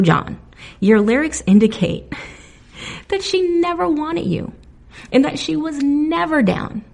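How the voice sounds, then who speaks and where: A woman hosting a music podcast alone, talking in a casual, animated way, laughing often and getting indignant. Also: a little high, creaky. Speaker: podcast host. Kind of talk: casual solo podcast commentary.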